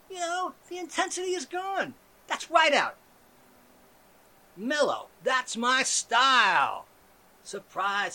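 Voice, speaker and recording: A man hosts a satirical comedy monologue in a bright, sharp voice whose pitch leaps all over the place. He keeps swinging between soft, hushed mellow talk and sudden yelling, all played with heavy irony. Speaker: show host.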